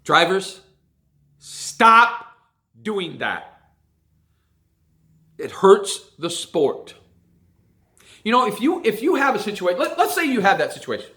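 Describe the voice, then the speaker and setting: Emphatic man ranting, lively high voice. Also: moderate pace. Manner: emphatic, repeats phrases for stress. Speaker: racing vlogger. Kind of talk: ranting monologue to viewers.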